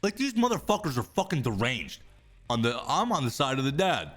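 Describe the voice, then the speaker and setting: A man rants through a reaction commentary with a wide, animated pitch swing and a hard, forceful edge. He talks in loud, sarcastic, profane outbursts. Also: fairly quick, faint music behind. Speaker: streamer commentator.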